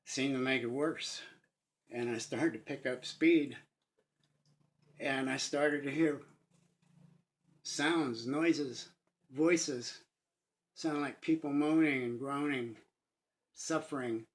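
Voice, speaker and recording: In his fifties and medium-pitched, a man gives an emotional personal testimony. He speaks earnestly and haltingly, pausing and restarting, and is at times moved to tears.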